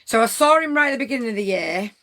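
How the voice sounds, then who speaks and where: A woman's voice: fairly high pitch, expressive, very fast, sharp tone. A middle-aged woman, telling a story to her livestream chat in a blunt, rambling way with plenty of swearing.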